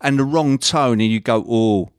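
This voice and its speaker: Brief: middle-aged male comic and actor, mid-pitch, close and dry, meandering anecdote. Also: moderate pace, no room sound. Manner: rambling, full of restarts, laughs through the story. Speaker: guest, actor and stand-up comedian. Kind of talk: casual chat, telling a story.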